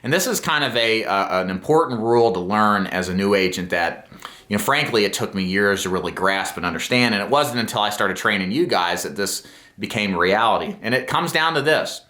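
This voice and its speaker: A middle-aged man teaching insurance sales to camera, speaking earnestly and emphatically and often checking in with a quick "okay?". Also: fairly low pitch, expressive, bright, forceful tone. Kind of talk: instructional talk to camera. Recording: roomy echo.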